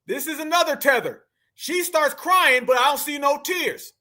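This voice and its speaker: A man's voice: very high voice, normal speed, pushed and bright. A man hosting a reaction commentary, talking emphatically and preachily to his audience. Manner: emphatic and preachy, keeps calling the audience fam. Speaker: commentary host.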